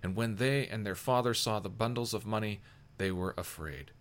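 A man reading scripture aloud in a measured, even narration. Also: lowish voice. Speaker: scripture reader.

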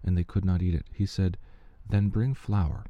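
A man giving a steady, measured reading of Bible passages aloud, with the odd slip he corrects. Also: deep voice, dry recording, lo-fi sound. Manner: steady, measured reading with small slips and restarts. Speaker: scripture reader.

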